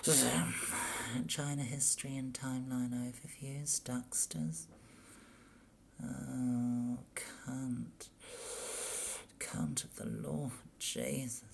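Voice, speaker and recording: A woman's voice: a bass voice, fairly even intonation, very slow, very noisy. A woman reading history pages aloud in a half-whispered mutter, grumbling and swearing constantly as she goes. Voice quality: often whispered, gravelly.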